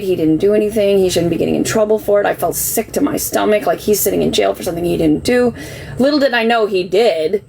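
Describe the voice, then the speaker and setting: A woman talks through her side of things on a casual live stream, her voice gravelly with a lot of fry. She rambles in an emotional, defensive way and leans on "like" constantly. A faint background hum runs under her voice. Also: mid-range voice, a little mellow, rough recording. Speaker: livestreamer telling her side.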